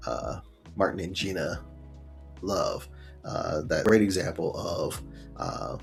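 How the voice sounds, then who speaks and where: Recapping a sitcom episode, a reviewer rambles along easily, using lots of fillers and performing little bits of dialogue. His low voice is animated yet slow, with vocal fry, and soft music plays in the background.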